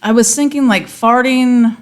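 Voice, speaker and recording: A woman's voice: a little high, steady tone, unhurried. Woman, podcast co-host, casual chat, rambling, restarts mid-thought. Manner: rambling, restarts often when brainstorming jokes.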